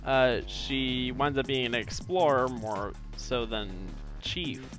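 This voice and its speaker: A man's voice: mid-range voice, slow, over music. A man co-hosting a game stream who chats casually and rambles, with lots of ums and uhs. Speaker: co-host of a game let's play stream. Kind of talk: casual gaming banter.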